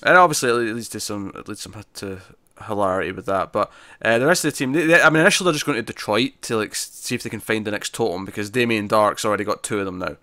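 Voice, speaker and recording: Brief: lower-pitched man with a bright, forceful tone, chatty podcast co-host, dry close sound. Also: fast talker, no echo. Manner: chatty, rambling with frequent restarts. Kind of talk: casual TV review chat.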